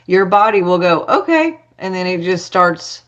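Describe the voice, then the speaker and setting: A woman's voice: lowish voice, little pitch movement, moderate pace, fairly bright tone, muffled recording. A woman telling a personal story as a podcast guest, chatty, acting out dialogue with lots of fillers.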